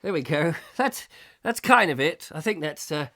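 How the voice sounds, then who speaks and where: A middle-aged man hosts a live comic chat show, rambling cheerfully through viewer comments. His voice is bright and ringing, pitched a little higher than most men's, and it keeps swooping into silly put-on voices. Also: lively intonation, moderate pace.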